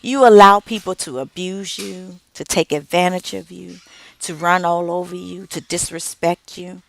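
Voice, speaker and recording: A middle-aged woman giving an inspirational speech about her family, slow and emphatic with dramatic pauses. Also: fairly low pitch, fairly even intonation, vocal fry, a little hiss or hum. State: tearful at moments. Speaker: author and speaker.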